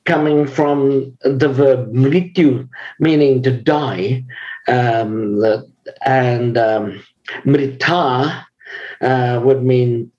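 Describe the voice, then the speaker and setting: An older man being interviewed as a guest, speaking in a measured, unhurried way with frequent pauses. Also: mid-range voice, a little mellow, dull audio. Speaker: guest, author and lama. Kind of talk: conversational interview.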